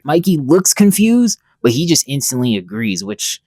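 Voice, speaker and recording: A man's voice: fairly high pitch, very animated, moderate pace, warm tone, dry recording. A man giving a casual, rambling and profane commentary as a comic reviewer.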